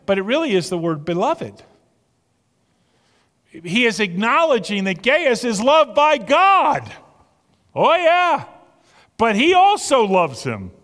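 Male pastor, slightly high voice, earnest chatty sermon delivery, long hall reverb. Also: a bit bright. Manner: earnest, conversational preaching with repeated words.

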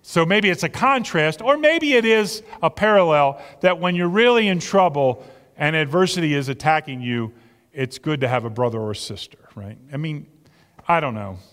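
Male pastor, slightly high voice, earnest chatty sermon delivery, long hall reverb. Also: expressive, moderate pace, a bit bright. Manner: earnest, conversational preaching with repeated words.

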